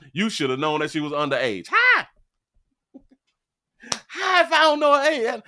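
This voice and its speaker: A man hosting a live stream, ranting animatedly with frequent laughs, repeated words and loud high outbursts. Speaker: live-stream show host. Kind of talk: live-stream commentary rant.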